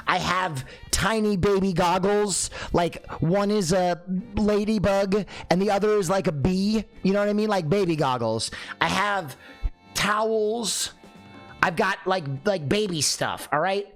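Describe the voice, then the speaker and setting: A young adult man telling a comic story in a lively way, acting out the dialogue. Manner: lively, acts out dialogue with swinging pitch.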